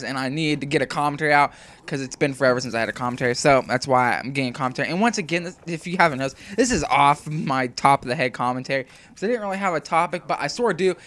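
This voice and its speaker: Young male gaming commentator, slightly high voice, rambling and slangy, casual swearing, throat still recovering. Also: sharp tone. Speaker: gaming YouTuber. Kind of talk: off-the-cuff gameplay commentary.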